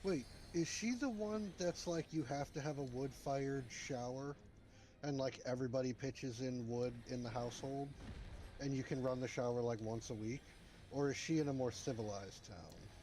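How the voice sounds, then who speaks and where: A man chatting casually on a livestream, dropping quick joking interjections. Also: mid-range voice, a little mellow, slight background noise, poor audio.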